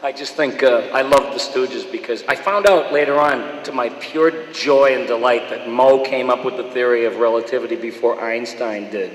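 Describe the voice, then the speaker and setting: A man, a voice actor, telling stories in an animated way and slipping into impressions. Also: mid-range voice, normal speed, few pauses, roomy sound, big-room sound, slight background noise, poor audio. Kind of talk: storytelling interview.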